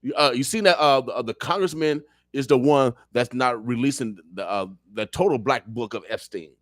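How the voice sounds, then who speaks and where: A man's voice: medium pitch, normal speed, dry recording, clean studio sound. Fiery, emphatic male radio guest. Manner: fiery, preacher-like, repeats phrases for emphasis. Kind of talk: impassioned political talk. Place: radio studio.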